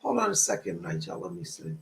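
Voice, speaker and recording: A man's voice: sits low, wildly swooping pitch, quick pace, vocal fry, slight background noise, low-quality recording. A man working as a psychic medium, hosting a live stream. He chats with viewers, thanks them for donations and passes on spirit messages in a reassuring tone.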